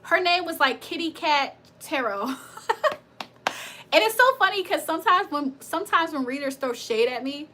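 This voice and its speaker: A woman runs a tarot livestream, chatting casually and telling stories while laughing a lot and swearing freely. Her high voice has lively intonation and a sharp tone at normal speed, with slight background noise.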